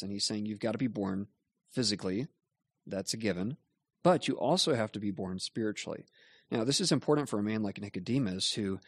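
A man, a pastor, explaining Bible questions in a measured, earnest way. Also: on the low side, husky, dry recording. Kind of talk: Bible teaching in a question-and-answer show.

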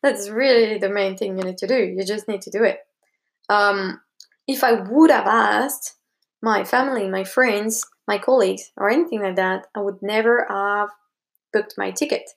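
A woman's voice: medium pitch, moderate pace, gravelly. A young woman talking casually to camera, giving advice. She rambles, with plenty of fillers and restarts, and acts out what other people said to her.

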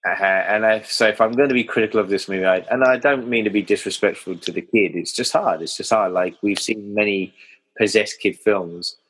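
Chatty low-voiced man talking films. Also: steady tone, a little fast, fairly bright tone, slightly rough, poor audio. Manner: chatty, laughs often, retells plot. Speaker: film podcast co-host. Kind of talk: casual film discussion.

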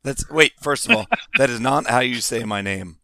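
A man's voice: mid-range voice, very animated, normal speed, pushed and bright, no echo. Man, casual podcast co-host, dry teasing delivery, close dead-sounding mic. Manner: sarcastic, teasing. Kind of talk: casual chat.

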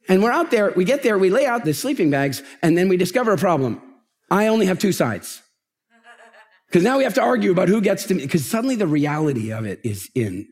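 Middle-aged male motivational speaker, live on stage, lively storyteller with a bright, swooping voice that leans a touch high. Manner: animated storytelling, asks the audience questions. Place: large event stage with an audience.

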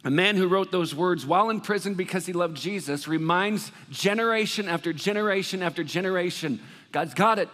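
High-voiced pastor in a reverberant hall. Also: male voice, brisk. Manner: conversational, animated, acts out worried voices. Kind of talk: sermon. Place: church hall. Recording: long reverb of a large hall.

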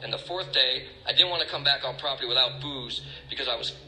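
A man's voice: mid-range voice, fast talker, bright, forceful tone. A man telling his own recovery story candidly, with blunt, self-mocking humor. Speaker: speaker sharing a recovery story. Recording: echoey room.

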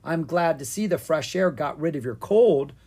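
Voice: mid-range voice, normal speed, husky, pitched above the performer's own voice. A reader voicing a cheerful, proud mother dragon in a storybook. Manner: warm, excited and proud.

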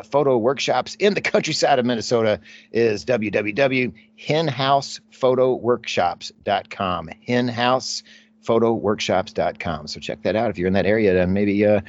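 A man's voice: mid-range voice, highs cut off. A man hosting a podcast, chatting casually and rambling with plenty of fillers. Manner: relaxed, rambling with many fillers. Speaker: podcast host.

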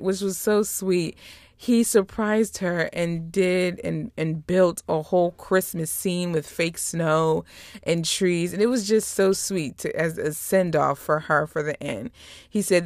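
A young woman casually recapping episodes as a podcast host, chatty and animated, acting out the quoted lines. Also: fairly low pitch, creaky, no room sound, clean studio sound.

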